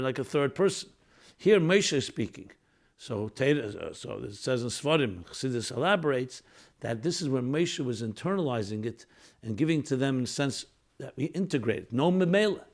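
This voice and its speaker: A man teaching Torah in an earnest lecture style. His voice sits at an ordinary middle pitch. He leans harder on key points and mixes Hebrew and Yiddish terms into his English. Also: lively intonation, moderate pace. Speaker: rabbi lecturer.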